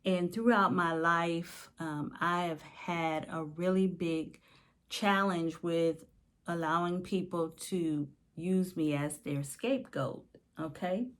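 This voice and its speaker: A middle-aged woman life coach reflecting on her faith and reading her journal prayers, slow and confiding, her voice sinking to a whisper at times. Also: lowish voice.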